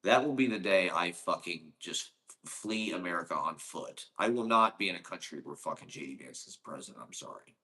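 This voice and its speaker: A man's voice: low-pitched, animated, fairly quick, sharp tone. A man from Ohio delivering a casual, rambling monologue, profane and sarcastic.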